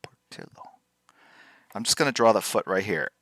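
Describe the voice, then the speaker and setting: His lowish voice is expressive and a bit bright, moving at a moderate pace on a dry, clean studio recording. While drawing live on stream, he chats playfully with his viewers, teasing them and repeating words as practice.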